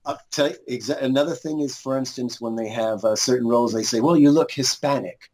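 A man's voice: mid-range voice, quick pace, darkish tone. Rambling, storytelling middle-aged man. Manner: storytelling, rambling with restarts and chuckles. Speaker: guest, lawyer, musician and actor. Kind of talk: casual interview chat.

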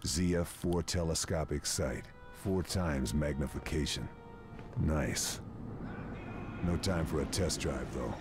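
Hardened ww2 sniper, super deep voice, clipped game narration, loud music behind. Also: male voice, slow pace, full character voice. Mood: terse. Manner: clipped, matter-of-fact. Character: terse battle-hardened male wartime sniper.

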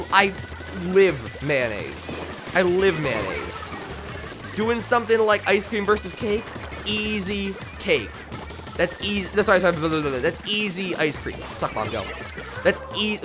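A man streaming a video game late at night, tired and rambling, with sudden bursts of shouting. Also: sits high. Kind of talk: live gameplay commentary.

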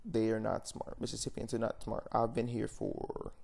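A young vlogger rants off the cuff to camera, rambling and blunt, with frequent fillers and self-corrections. His voice is fairly low and flat in pitch, at normal speed, gravelly, husky, and a little mellow.

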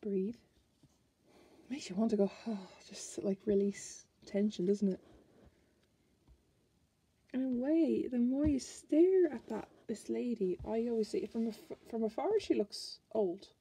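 A woman's voice: fairly high pitch, expressive, unhurried, long pauses, mellow, slightly rough. An Irish woman chatting casually as she flips through a card deck, musing aloud and restarting her sentences. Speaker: tarot card reviewer.

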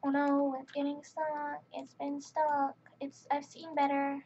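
A woman with a high voice talks her way through a game at an unhurried pace, chatty and easily annoyed. Her voice comes through a dull, lo-fi mic, with faint keyboard clicking behind it. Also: completely flat delivery, mellow, slight background noise. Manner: chatty, exasperated running commentary. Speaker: gaming channel host. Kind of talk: casual game commentary.

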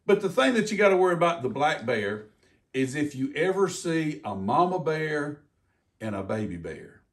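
An older man, a retired game warden giving a folksy, animated talk about wildlife for kids. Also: fairly high pitch, moderate pace, recorded from a distance.

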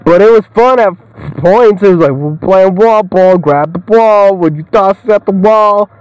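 A man's voice: fairly high pitch, normal speed, a little mellow, no echo, highs cut off. A young man giving rambling, joking let's-play commentary, swearing a lot and laughing often. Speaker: gamer.

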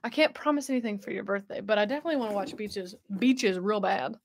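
A woman's voice: medium pitch, fast talker, a little hiss or hum. A young woman hosting a casual livestream, bubbly and chatty, laughing often and answering viewers. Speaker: host.

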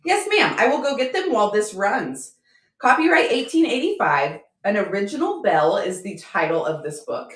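A woman selling at a live-stream auction, bubbly and excitable, often apologizing and thanking her viewers. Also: mid-range voice, normal speed. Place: home room with a chalkboard. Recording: echoey room.

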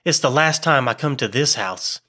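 A man's voice: medium pitch, lively intonation, moderate pace, pushed and bright, voice pushed up. A man voicing a stout, blustering traveling salesman with a brusque, hearty manner.

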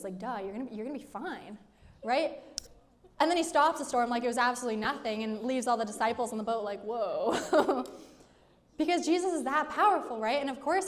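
A young woman with a slightly high voice gives a casual youth sermon. She sounds chatty and self-deprecating, and she leans on "like" and "right?" as she explains things to students. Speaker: student ministry speaker. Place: church youth room.

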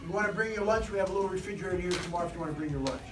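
Rousing high-voiced male seminar trainer. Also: racing, over music. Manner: animated, rousing, quizzes the audience. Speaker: motivational sales trainer. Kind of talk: live seminar talk to a class. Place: training room with an audience. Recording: echoey room, distant mic, faint hiss.

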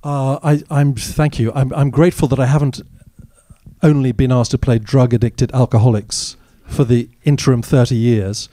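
A man's voice: medium pitch, steady tone, moderate pace, warm tone, no echo. A man, an actor as guest, telling candid, wry anecdotes in a live audience Q&A at a cinema. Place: cinema stage after a screening.

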